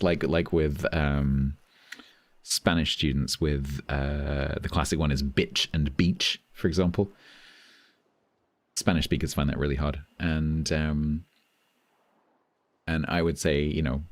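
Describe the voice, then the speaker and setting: Deep-voiced British man streaming. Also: fairly even intonation, a little slow, long pauses, no room sound. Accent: British English. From Britain. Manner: chatty, amused, reads out chat thanks. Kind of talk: casual live-stream chat.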